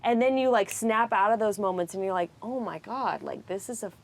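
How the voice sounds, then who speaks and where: A woman speaking as a podcast guest in casual, candid conversation, frank and animated with frequent swearing. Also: mid-range voice, a little fast.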